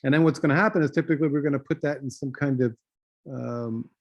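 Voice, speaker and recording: A man teaching a graphic design class, walking through software steps with a relaxed, thinking-aloud manner and many fillers. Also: mid-range voice, fast, dry recording, muffled recording. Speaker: design instructor. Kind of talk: screen-share software tutorial.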